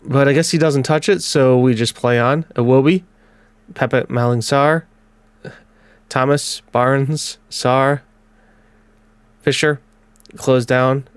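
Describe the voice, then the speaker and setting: A man with a blocked nose giving casual let's-play commentary on a football management game, calling the match in quick bursts. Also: medium pitch, fairly even intonation, smooth, dry recording. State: congested. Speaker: gaming commentator.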